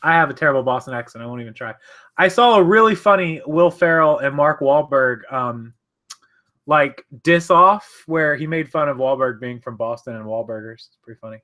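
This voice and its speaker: Speaking at medium pitch and normal speed with a sharp tone, a man chats on a casual live stream from his home office. He rambles, corrects himself now and then, and answers viewers' comments.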